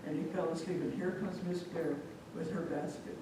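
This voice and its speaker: A woman's voice: low voice, moderate pace, background noise. Woman storyteller, echoey and distant. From Omaha, Nebraska. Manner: animated, addresses the audience directly. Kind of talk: live folk storytelling to an audience. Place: live public event, echoey room. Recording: echoey hall from far off.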